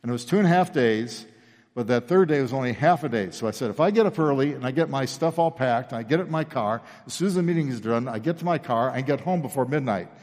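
A man's voice: medium pitch, quick pace. A man preaching a sermon, telling stories from his past and acting out the people in them. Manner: animated storyteller, acts out quoted people. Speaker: pastor. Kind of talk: sermon storytelling. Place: church sanctuary. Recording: long reverb of a large church hall.

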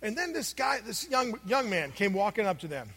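Bright, high-voiced preacher in a reverberant hall. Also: male voice, very animated, normal speed, slightly rough. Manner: conversational storytelling, many fillers, swings from loud to hushed. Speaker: pastor. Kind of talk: sermon with personal story.

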